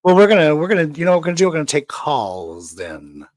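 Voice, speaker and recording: A man co-hosting a casual talk show, chatty and excitable, often jumping up in pitch. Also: fast talker, dry recording. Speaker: co-host.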